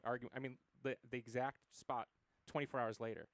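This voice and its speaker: A man's voice: medium pitch, steady tone, a little fast, a bit bright, no echo. A man in his forties from the United States, a musician telling stories as an interview guest, rambling with many fillers and acted quotes. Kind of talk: casual interview conversation.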